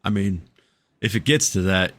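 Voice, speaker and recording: A man's voice: low voice, normal speed, fairly bright tone. A man co-hosting a podcast, chatting casually with heavy swearing and frequent laughter. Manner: profane, laughs often. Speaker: podcast co-host.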